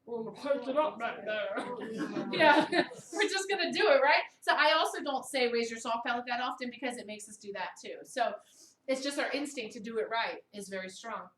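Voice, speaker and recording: An animated woman voice teacher in her thirties with a mid-Atlantic American accent leads a singing workshop, breaking off to sing sample vowels. Her voice sits fairly high. It is recorded from a distance in an echoey room with a faint hiss. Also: a little fast. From Baltimore, USA. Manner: animated, demonstrative, models vowel sounds aloud. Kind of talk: vocal technique workshop.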